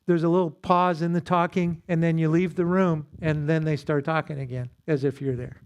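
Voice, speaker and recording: A man's voice: fairly high pitch, flat delivery, normal speed, a little mellow, clean tone, dull audio. Man teaching a church marriage seminar. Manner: conversational, with self-deprecating humor and acted-out quotes. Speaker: pastor leading a marriage seminar.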